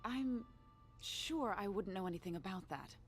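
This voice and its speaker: A formal, guarded auction house host from a video game. Her pitch moves in a lively way as she stays polite and deflects questions. Faint music plays underneath. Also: normal speed, slightly rough. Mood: evasive. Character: evasive female auction house host, polished and nervous. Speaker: game character.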